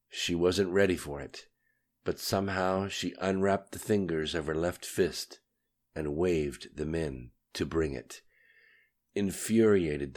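A man narrating an audiobook in a steady, even storytelling manner. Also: low-pitched. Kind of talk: scripted narration.

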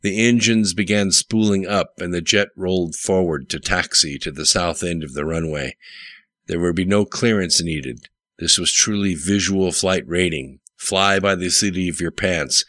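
A man narrating an audiobook in a steady, matter-of-fact reading. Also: low voice, no room sound.

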